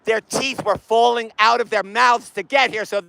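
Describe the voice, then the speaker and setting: An excitable man vlogging outdoors on a city street, rambling loudly at a phone set down nearby. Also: extremely high pitch, moderate pace, creaky, soft background music, rough recording. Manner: excitable, loud and rambling, talks to his phone. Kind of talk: rambling comic street vlog. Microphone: phone camera set down nearby.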